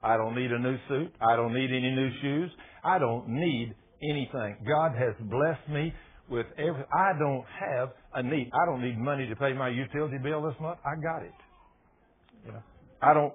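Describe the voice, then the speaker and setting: A man preaching a sermon in a folksy, emphatic way, repeating phrases and rising to loud peaks. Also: medium pitch, normal speed. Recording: husky voice over a tinny phone-like line.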